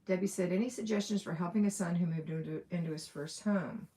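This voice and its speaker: A woman's voice: fairly low pitch, fast talker, dark tone. A woman with an Alabama accent hosting a casual live question session, chatty and reading viewer comments aloud with a laugh now and then. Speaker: livestream host. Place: room at home with window open.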